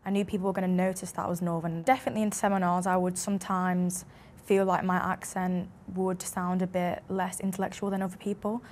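Young Mancunian woman talking fast. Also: fairly low pitch, flat delivery, a little mellow, a little hiss or hum. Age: young adult. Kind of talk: interview.

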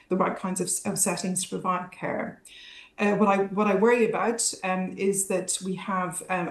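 A woman academic answers news interview questions in a mid-pitched voice, thoughtful and analytical. She restarts phrases and fills pauses with ums. Her remote link carries a roomy echo. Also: darkish tone. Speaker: academic guest, healthcare researcher.

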